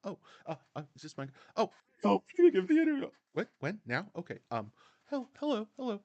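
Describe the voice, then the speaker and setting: A man doing a mocking falsetto impression of a fame-hungry female celebrity podcaster with an affected lilt. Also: huge pitch swings, brisk, mellow, no room sound, muffled recording, exaggerated voice. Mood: flustered.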